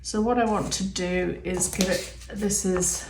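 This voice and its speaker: Unhurried woman demoing crafts, roomy sound. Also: mid-range voice, steady tone, noisy background. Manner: chatty, unhurried, thinks aloud with ums. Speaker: resin art tutorial maker. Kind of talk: casual step-by-step craft demo. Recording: roomy echo.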